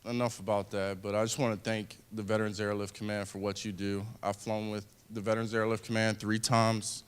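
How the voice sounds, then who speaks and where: A man in his thirties, a wounded veteran, giving an earnest personal speech to an audience, speaking haltingly with restarts. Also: fairly low pitch, level tone, clear, resonant tone.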